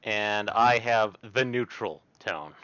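A man with a slight Southern drawl, co-hosting a casual podcast chat in an unhurried, hesitant way. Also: lowish voice, a bit bright, no room sound. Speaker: podcast co-host. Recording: dull, dry, lo-fi mic.

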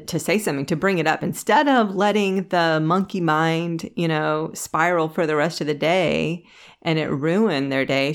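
A woman with a slightly low voice co-hosts a casual podcast chat. She tells stories at length and slips into lively quoted voices, often restarting her sentences. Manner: storytelling, animated when quoting others; frequent restarts and laughs. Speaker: podcast co-host.

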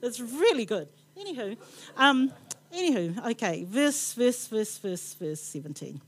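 A woman with a New Zealand accent giving a chatty, rambling sermon in a church, full of playful asides and quick laughs. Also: fairly high pitch, very animated. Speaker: preacher.

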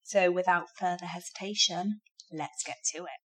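A woman's voice: fairly low pitch, moderate pace, fairly bright tone. A woman hosting a casual crime podcast, chatty and giggly as she narrates a case. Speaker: podcast host.

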